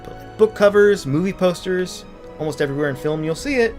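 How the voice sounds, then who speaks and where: A man's voice: high-pitched, expressive, fairly quick, darkish tone, faint music behind. A man casually commentating a video game with a co-host, playful and sarcastic, sometimes reading game text aloud. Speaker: let's play commentator.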